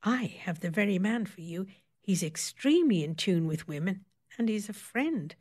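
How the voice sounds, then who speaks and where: A woman reading aloud, voicing a blunt, well-connected female client who gives confiding advice in a hushed voice. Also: mid-range voice, lively intonation, moderate pace, lightly acted.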